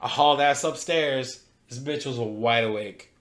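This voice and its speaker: A man spinning a long anecdote for his podcast co-hosts, cursing freely and jumping back to fix details. His voice sits at an ordinary pitch. The room around him rings with a noticeable echo. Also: a little slow. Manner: profane, animated storyteller. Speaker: podcast co-host. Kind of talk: casual storytelling. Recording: roomy echo.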